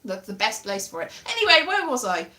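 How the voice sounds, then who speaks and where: Chatty woman, lively and bright. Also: fairly high pitch, a little fast. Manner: chatty, self-mocking, drifts off topic. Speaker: comedian vlogger. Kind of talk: rambling comic monologue. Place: very small room at home.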